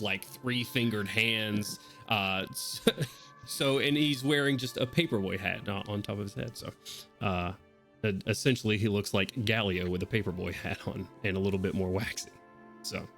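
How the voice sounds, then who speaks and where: A man running a tabletop game as game master, narrating scenes in a relaxed way and laughing easily. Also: fairly low pitch, normal speed, soft background music.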